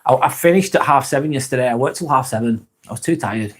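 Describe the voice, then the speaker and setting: A man's voice: mid-range voice, fast talker, slightly rough. A man hosting a casual live chat, reading viewer comments aloud, laid-back, laughing often and swearing freely. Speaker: livestream host.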